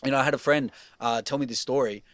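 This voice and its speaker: A man's voice: mid-range voice, steady tone, fast talker, fairly bright tone, no room sound. A man on a podcast telling a story in casual chat, rambling and swearing, with lots of fillers. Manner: rambling, swears, heavy fillers like "you know what I mean".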